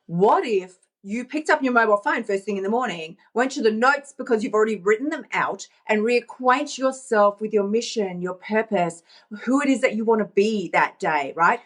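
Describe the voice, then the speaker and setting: A woman life coach giving a motivational vlog talk into her phone, playful and emphatic, often laughing. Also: mid-range voice.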